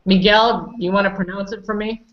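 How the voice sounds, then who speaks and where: A female pronunciation teacher with a medium-pitched, steady, brisk voice, heard over muffled lo-fi call audio. Patient and corrective, she prompts and corrects students during an online class.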